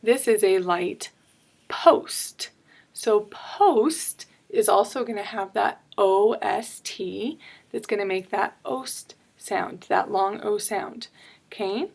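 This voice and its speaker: A woman teaching a phonics lesson to young children, patient and deliberate, spelling words out letter by letter and checking in with "okay?". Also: medium pitch, steady tone, creaky, a little mellow.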